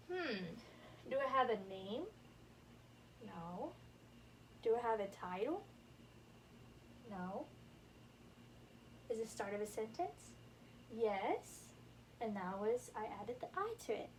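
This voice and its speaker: A young woman teaching a classroom grammar lesson, encouraging and slow-spoken as she writes on the board. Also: fairly high pitch. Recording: distant camera with faint room noise.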